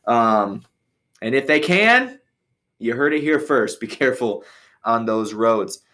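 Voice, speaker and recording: A podcast host from Michigan, USA, speaks slowly in a mid-range, sharp-toned voice with lively intonation. He rambles through a casual story with lots of fillers and restarts, acting out other people's voices whenever he quotes them.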